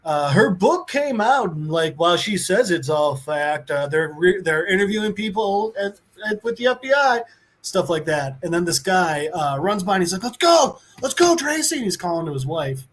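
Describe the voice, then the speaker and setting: Brief: male podcast co-host, high-pitched, chatty and profane, loose comic book recap. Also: lively intonation, moderate pace, fairly bright tone. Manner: rambling, profane, filler-heavy, acts out quotes.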